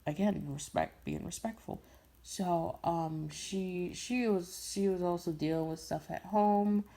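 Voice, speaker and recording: A young woman from Brooklyn, telling a personal story in a loose, rambling way. Her voice sits a little on the low side. She circles back, repeats phrases and peppers it all with slang. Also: unhurried, mellow. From Brooklyn, New York. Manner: rambling, repeats herself, frequent laughs and slang. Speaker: voice impression creator. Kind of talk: casual storytelling.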